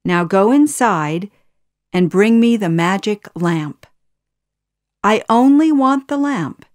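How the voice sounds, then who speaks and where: A woman's voice: mid-range voice, lively intonation, slow pace, darkish tone, no echo, studio quality, pitched above the performer's own voice. A woman voicing a scheming male sorcerer advisor in a storybook reading, smug and commanding.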